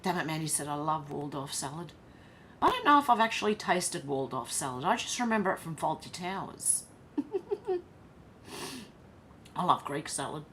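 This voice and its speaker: A woman's voice: deep voice, big pitch swings, normal speed, pauses often, a bit bright, a little hiss or hum. Chatty Australian woman reading live chat. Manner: chatty, reads chat messages aloud, laughs often. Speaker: livestream host reading viewer comments. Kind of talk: casual chat.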